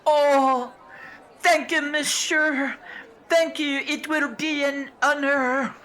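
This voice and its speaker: An actor playing a bumbling, loyal young French manservant with a put-on French accent in a comic radio play. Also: male voice, extremely high pitch, fairly even intonation, takes it slowly, pushed and bright, full character voice. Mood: overjoyed.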